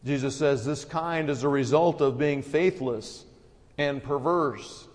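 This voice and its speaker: Male pastor, higher voice, earnest sermon delivery with emphatic peaks, reverberant hall. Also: unhurried.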